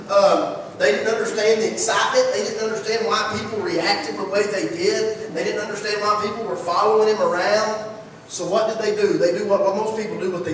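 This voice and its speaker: Male preacher, folksy and lively, high voice, distant mic in a booming church hall. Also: a little hiss or hum. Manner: folksy, energetic, rhetorical questions. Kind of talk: sermon. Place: church sanctuary.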